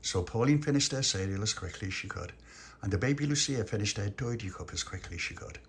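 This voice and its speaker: A man's voice: lowish voice, fast talker, a little hiss or hum. A man telling a comic bedtime story in a playful, rambling way. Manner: playful, animated, rambling repetitions. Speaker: storyteller host.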